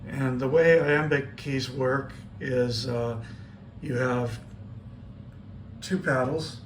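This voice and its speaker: A man at his home radio station giving a casual how-to demonstration, explaining in a relaxed way with frequent fillers. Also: mid-range voice, slow. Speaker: ham radio operator explaining iambic keying. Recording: echoey room with audible background noise.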